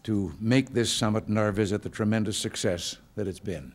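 A man's voice: on the low side, normal speed. Older man telling folksy jokes at a podium. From United States. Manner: folksy, relaxed storytelling with dry humor. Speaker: president giving remarks. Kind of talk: informal speech with joke stories. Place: hotel function room.

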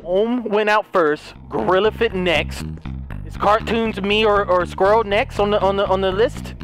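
A young man giving comedic let's play commentary, frantic and pleading, shouting and laughing as he plays. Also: sits high, unhurried, soft background music. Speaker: gaming video host.

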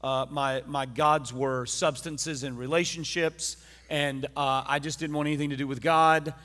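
A man's voice: a little high, steady tone, moderate pace, sharp tone, in a large hall. A man preaching a sermon, retelling a parable and sharing his own story earnestly. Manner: earnest storytelling, personal testimony. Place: church.

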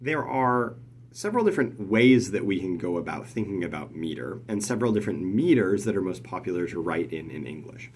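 A man teaching poetry meter, explaining in a lively way and tapping out rhythms with nonsense syllables. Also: sits low, brisk. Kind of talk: explanatory lesson.

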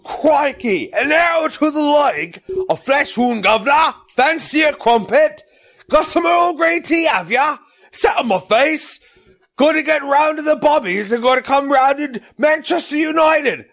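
A man's voice: very high voice, animated, unhurried, fairly bright tone, voice pushed up, exaggerated voice. A man voicing a rowdy male Cockney dockworker in an exaggerated mock Cockney accent, boisterous and full of slang.

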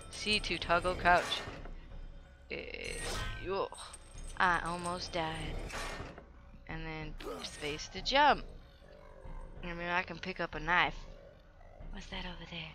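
A woman's voice: on the low side, fairly even intonation, slow, long pauses, music in the background. A young woman giving goofy, playful commentary while playing a video game, chatting to herself and the game. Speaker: let's play gamer. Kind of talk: casual gameplay commentary.

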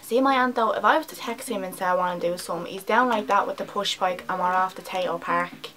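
A woman playing a brash young Dublin woman with a Dublin accent, telling a loud, sweary story to her friends in a comedy monologue. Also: medium pitch, fast, lightly acted, low-quality recording. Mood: gushing.

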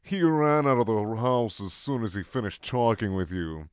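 A man voicing a flustered young friend in a comic fanfic reading, with a plain, deadpan delivery. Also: on the low side, moderate pace, clean tone, no room sound, clean studio sound, lightly acted.

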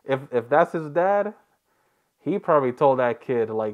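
A man's voice: medium pitch, lively intonation, measured pace, dull audio. A man hosting a reaction video, chatting casually, rambling and joking with frequent laughs.

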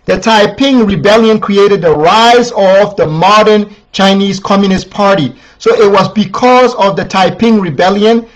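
Guy with a high voice giving a rambling history lecture, keeps going "the, the", dull muffled audio. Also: unhurried, few pauses. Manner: repetitive, many restarts and filler "the, the".

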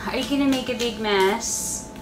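A young American woman vlogs from her kitchen at home, chatting casually in a slightly high voice at a moderate pace and cooing baby-talk to her toddler. She's pregnant and sounds near tears at moments, with background noise behind her.

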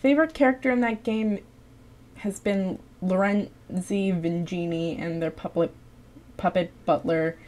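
A woman's voice: on the low side, fairly even intonation, a little slow, darkish tone. A tired young woman streaming live, chatting casually while she draws, rambling, swearing and poking fun at herself.

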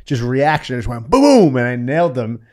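A man's voice: mid-range voice, a little fast. A man on a podcast telling a story with lots of swearing, acting out what people said. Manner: animated, profane storyteller acting out quotes. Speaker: podcast guest. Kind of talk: casual storytelling chat.

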